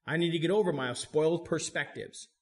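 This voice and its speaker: A man preaching a sermon as a pastor, talking in a conversational way and lifting his pitch to stress points. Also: fairly quick.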